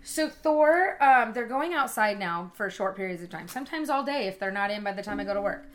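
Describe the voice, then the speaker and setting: A young woman co-hosting a casual chat podcast, telling a story in an animated, profane way. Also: medium pitch, a little fast, a little hiss or hum. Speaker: podcast co-host.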